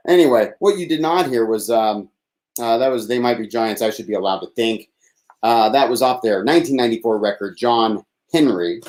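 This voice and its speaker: Alone at his desk, a man hosts a live call-in show, rambling, putting himself down, sighing and swearing in a thin, slightly whiny voice. It's a meandering solo livestream chat, captured on an unprocessed desk mic. His pitch is medium, his tone darkish, his speed normal.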